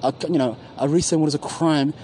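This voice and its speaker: A man's voice: on the high side, fairly even intonation, fast, darkish tone, slight background noise, rough recording. A man rambling in casual, profane slang, often searching for his words, outdoors on a university campus. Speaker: podcast co-host. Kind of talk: casual profane street chat.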